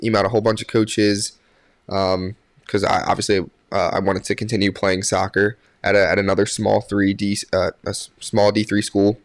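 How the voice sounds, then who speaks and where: A man's voice: lowish voice, moderate pace, no echo. A young man, a podcast guest, telling a story casually with many fillers and restarts. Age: young adult. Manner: animated when quoting others.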